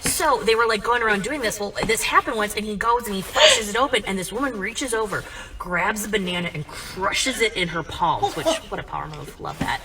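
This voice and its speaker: A young woman telling a comic family story in a chatty, animated way, full of "like" and asides. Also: mid-range voice, brisk, distant mic, noisy background.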